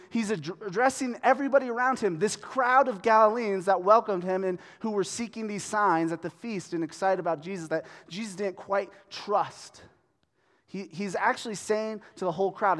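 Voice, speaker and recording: A man giving a sermon as a pastor in a conversational way, often checking in with the room. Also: high voice. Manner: conversational, checks in with "right?" and "okay?". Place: church hall. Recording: long reverb of a hall.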